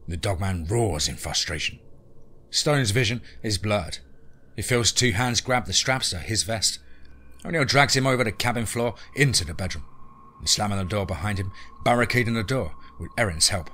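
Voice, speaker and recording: A man's voice: fairly low pitch, animated, normal speed, sharp tone, husky. A man narrating a scripted horror story in a dramatic, tense present-tense reading.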